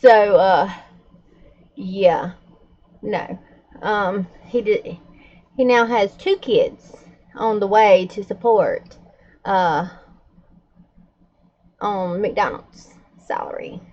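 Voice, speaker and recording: Slow-talking chatty woman, dull stream audio. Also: mid-range voice, darkish tone. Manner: unhurried, chatty, laughs between stories. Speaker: journaling vlogger, livestream host. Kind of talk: casual gossipy chat while journaling. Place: at home with her dogs nearby.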